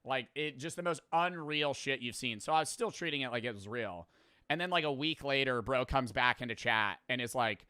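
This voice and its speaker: A man's voice: mid-range voice, brisk, sharp tone, smooth, dry recording, clean studio sound, faint music behind. A young man who streams, talking bluntly and casually with lots of fillers and swearing. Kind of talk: casual storytelling and reflection.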